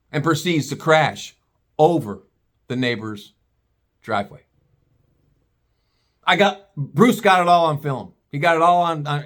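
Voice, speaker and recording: A man telling a funny story in a casual, animated way, mocking the people in it and swearing freely. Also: on the high side.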